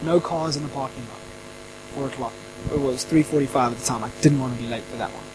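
A man who interviews people, telling a casual anecdote in an animated way and acting out the dialogue. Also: medium pitch, quick pace, background noise.

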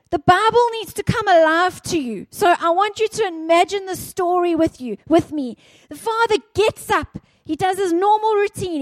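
A woman delivers a sermon in a very high voice, drawing her words out slowly. She tells the story with dramatic intensity and acts out the characters' cries. Her voice sounds dry and close. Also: no room sound. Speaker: preacher.

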